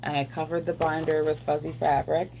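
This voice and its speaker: A woman with a low voice and a gravelly, creaky edge chats loosely to her live-stream viewers and answers their comments as they come in. She rambles a bit as she talks. A steady hiss of noise sits under the recording. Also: a little fast. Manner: rambling, chatty, answers chat comments aloud.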